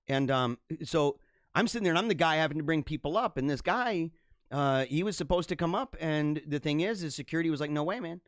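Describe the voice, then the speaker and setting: Animated rambling male livestream host. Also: fairly high pitch, fairly quick, no echo, studio quality. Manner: rambling, with frequent restarts and animated bursts. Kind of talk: casual storytelling monologue.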